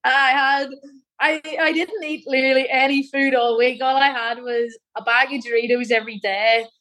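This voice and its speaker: A woman's voice: high-pitched, steady tone, normal speed, bright, forceful tone. A young woman from Ireland, a guest athlete chatting casually, laughing often and rambling with lots of fillers. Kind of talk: casual chat.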